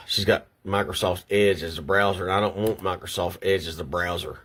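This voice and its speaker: A man's voice: sits low, steady tone, fairly quick, fairly bright tone, a little hiss or hum. Shaky, agitated older man ranting. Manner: agitated, repeats himself, stumbles over words. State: shaky and upset. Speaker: vlogger. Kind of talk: angry personal rant to camera. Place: at home at his computer.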